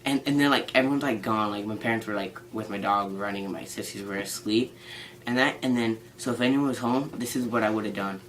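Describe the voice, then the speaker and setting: A man's voice: lowish voice, a little fast, noisy background. A teenage boy telling a story in a casual vlog, rambling with lots of "like" and a playful tone. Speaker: vlogger.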